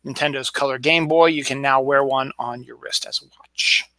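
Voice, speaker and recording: A man's voice: mid-range voice, steady tone, moderate pace, bright, forceful tone, no room sound. A man hosting his own show alone at home, chatting casually through news items, rambling, with many fillers and restarts. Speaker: podcast host. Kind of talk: casual solo news chat.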